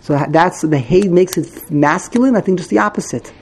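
A man's voice: sits high, normal speed, slightly rough. A man teaching a text study class, explaining grammar as he thinks aloud, repeating and correcting himself.

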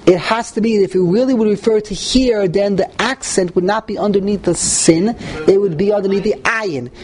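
A man's voice: high voice, moderate pace, darkish tone, slightly rough, rough recording. A man teaching a text-study class, reading passages aloud and translating them as he thinks aloud. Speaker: Torah teacher.

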